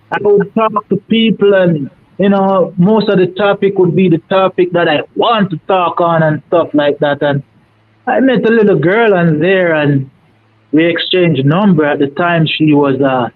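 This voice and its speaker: Jamaican guy telling a story on a call, high voice, dry phone sound, folksy and rambling. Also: measured pace, no echo. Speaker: caller. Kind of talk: casual storytelling on a live call. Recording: tinny dry phone line.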